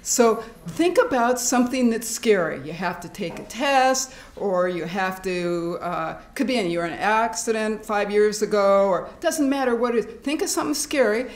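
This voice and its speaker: A middle-aged woman giving a workshop talk to a live audience, animated and laughing often as she acts out fearful thoughts. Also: mid-range voice, moderate pace, hardly any pauses. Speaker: workshop speaker. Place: hospital meeting room. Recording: echoey room.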